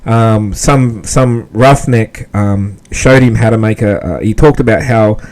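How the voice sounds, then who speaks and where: A man's voice: lowish voice, measured pace, darkish tone, rough recording. A man hosting a podcast, chatting casually between clips with lots of fillers and restarts. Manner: rambling, many fillers and restarts, laughs easily. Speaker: podcast host.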